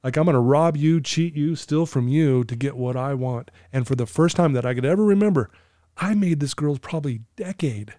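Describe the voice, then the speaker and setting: A man's voice: a little high, fairly quick, mellow, no echo, clean studio sound. A man in his fifties, a recovery coach, telling a personal story as a podcast guest in an earnest, emotional way, laughing easily.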